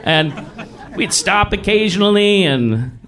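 Young adult man, comic storyteller, self-mocking, animated delivery, slightly high voice. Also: takes it slowly, some chatter behind. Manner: animated, self-mocking, swings between high and low pitch. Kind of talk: comedic personal storytelling.

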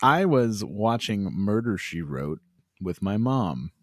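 A man's voice: on the low side, takes it slowly, no room sound, clean studio sound. A young adult man co-hosting a casual comedy podcast, telling stories with acted-out voices and plenty of swearing. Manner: animated storyteller, acts out voices, swears freely. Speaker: podcast co-host.

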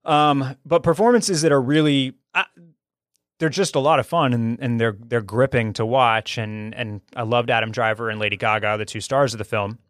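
A man's voice: medium pitch, fairly even intonation, normal speed, dry recording. Chatty enthusiastic man, dry sound. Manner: enthusiastic, talkative, frequent restarts. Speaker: podcast host reviewing a film. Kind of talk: casual chat.

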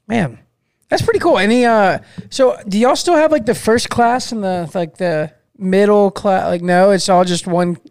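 A man's voice: high voice, moderate pace, smooth, no echo, clean studio sound. A man, co-hosting a podcast with a joking, slangy manner. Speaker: podcast co-host. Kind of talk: casual podcast chat.

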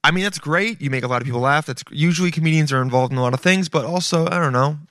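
Talking very fast in a slightly high, somewhat bright voice, a man hosts a podcast from a clean, dry studio. He rambles through a chummy comic monologue, cursing freely and addressing everyone as "dude."

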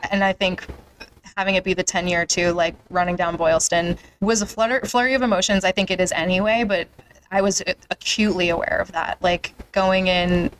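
A woman's voice: on the low side, fairly even intonation, fairly quick, slight background noise, rough recording. A young woman hosting a podcast, chatting casually and emotionally, with a lot of "like" fillers. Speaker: podcast host. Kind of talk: casual interview chat.

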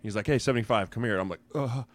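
A former football lineman in his thirties telling animated stories on a casual sports podcast, acting out the quotes. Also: fairly low pitch, fast, no room sound. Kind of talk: casual sports chat, storytelling.

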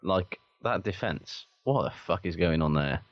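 Deep guy, sardonic podcast chat, swears a lot, dead dry room. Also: animated, unhurried, dry recording, muffled recording. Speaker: podcast co-host. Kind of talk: casual chat.

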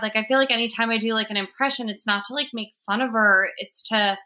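A woman's voice: a little high, fairly even intonation, quick pace, few pauses, pushed and bright. A young woman hosting a podcast, chatting casually with lots of "like" and laughter. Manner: chatty, heavy use of "like", frequent laughter. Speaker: podcast host.

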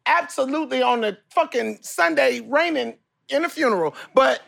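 A woman in her fifties co-hosting a casual chat, loud and excitable, shouting and swearing often. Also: high-pitched, normal speed, gravelly. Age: 50s. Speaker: co-host.

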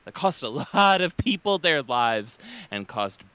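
Animated, bright-voiced male podcast co-host. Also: mid-range voice, unhurried, clear, resonant tone. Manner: animated, swearing, acts out bits. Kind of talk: casual podcast chat.

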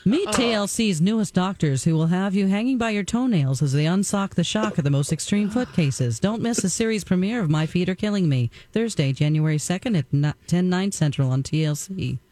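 A woman's voice: on the low side, lively intonation, fairly quick, hardly any pauses, dark tone. A woman co-host in casual chat, playfully reading show descriptions in a mock announcer voice and often breaking into laughter.

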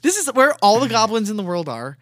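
A man's voice: high voice, big pitch swings, fast, fairly bright tone, no room sound, studio quality. A man co-hosting a podcast, recapping a cartoon in casual, rambling chat and chuckling often. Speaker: podcast co-host.

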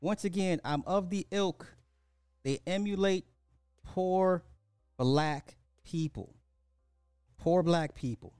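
A man's voice: high voice, takes it slowly, pauses often, darkish tone, smooth, dry recording, clean studio sound, faint music behind. A man hosting a social commentary podcast, speaking bluntly and often repeating rhetorical questions. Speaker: podcast host.

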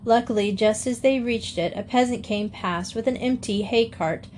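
A woman reading a classic children's novel aloud as an audiobook narrator, in a steady storytelling manner. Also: fairly high pitch, moderate pace, slight background noise. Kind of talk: scripted narration.

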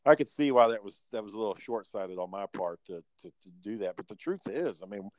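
A young man with a low voice rambles through a casual podcast chat, swearing and filling pauses with "you know". The recording is dry and close, with no room sound. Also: animated, no echo, rough recording. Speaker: podcast co-host.

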